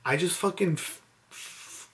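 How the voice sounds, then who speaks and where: A man's voice: high-pitched, measured pace, fairly bright tone, slight background noise. A young man vlogging at home late at night, overwhelmed and teary with disbelief, just woken up. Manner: overwhelmed, emotional, breathless disbelief. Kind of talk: late-night excited selfie vlog.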